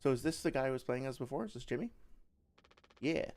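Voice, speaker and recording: Quick and expressive, this man's medium-pitched, slightly mellow voice carries casual let's-play commentary. He rambles and swears without restraint over faint game music.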